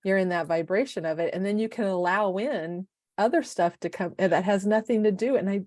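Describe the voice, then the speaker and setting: A woman's voice: mid-range voice, a little fast, no echo, clean studio sound. A woman in her fifties co-hosting a casual podcast, telling stories with animation and acting out the dialogue. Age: 50s. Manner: animated storyteller who acts out quoted dialogue. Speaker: podcast co-host.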